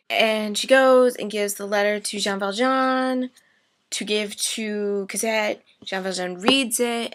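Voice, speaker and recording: A young woman rambles through a comic story summary with sarcastic asides. Her voice is bright and forward, and she takes her time. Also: on the low side.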